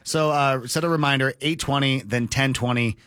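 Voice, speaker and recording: A man's voice: mid-range voice, fairly even intonation, moderate pace, a bit bright, no room sound, clean studio sound. A man hosting a morning radio show, bantering playfully with his co-host. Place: radio studio. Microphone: studio microphone.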